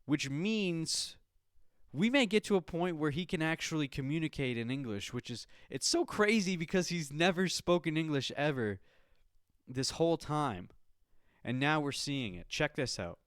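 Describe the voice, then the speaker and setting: A man hosting a podcast in casual chat, excitable and swearing freely, calling the listener dude. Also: fairly high pitch, moderate pace, clear, resonant tone, dry recording, studio quality. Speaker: podcast host.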